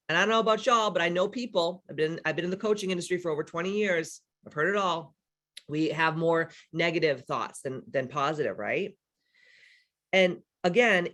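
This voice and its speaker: A woman's voice: fairly low pitch, a bit bright. A woman in her forties, a spiritual life coach, teaching in a casual, blunt way with swearing and frequent "right?" asides.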